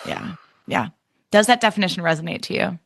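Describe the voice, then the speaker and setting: A woman's voice: on the low side, a little fast, gravelly. A woman in her thirties hosting a podcast, talking in a chatty, giggly way with lots of "like". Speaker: podcast host. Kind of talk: casual podcast chat.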